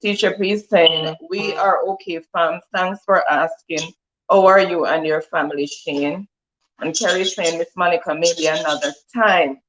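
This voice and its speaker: A woman's voice: lowish voice, fairly even intonation, a little slow, a little hiss or hum, rough recording. A woman co-hosting a livestream, reading viewer comments aloud and greeting them one by one. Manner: reads out viewer comments, warm greetings, laughs easily. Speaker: livestream co-host reading chat. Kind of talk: casual livestream chat.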